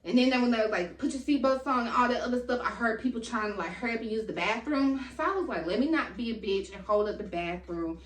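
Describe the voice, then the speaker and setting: Young woman, casual vlog storytelling, animated and slangy, slightly out of breath, echoey room, mic at a distance. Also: on the high side, fast talker, few pauses. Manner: animated, slangy, acts out quotes. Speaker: vlogger.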